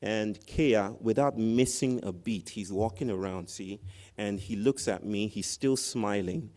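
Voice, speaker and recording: A man's voice: on the low side, measured pace, a little mellow. A man giving a commencement speech, telling a story animatedly and often tagging his sentences with "right?". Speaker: commencement speaker. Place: large tent outdoors at a ceremony.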